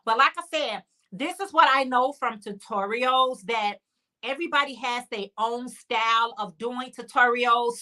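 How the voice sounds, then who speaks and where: A woman's voice: a little high, pushed and bright. A woman hosting a casual crochet livestream, chatting and answering viewer comments. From Chicago area. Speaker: livestream host.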